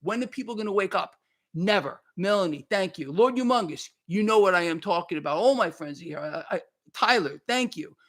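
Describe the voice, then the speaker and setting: A man's voice: sits high, lively intonation, a little fast, a bit bright. A man hosting a livestream, ranting in a heated, worked-up way, repeating himself and thanking viewers by name. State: worked up and sweating. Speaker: market commentary livestream host.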